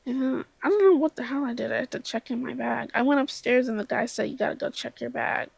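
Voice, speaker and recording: A young woman vlogger telling a rambling, self-deprecating story in casual chat, a little tipsy, with laughs and soft whispered asides. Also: a little high, fast talker, gravelly, slightly rough, no echo.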